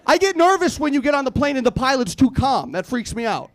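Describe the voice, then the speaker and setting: A man's voice: extremely high pitch, sing-song, brisk, a bit bright. A man in his thirties doing a rambling stand-up comedy set, self-deprecating and acting out the people he quotes. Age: 30s. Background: audience laughter.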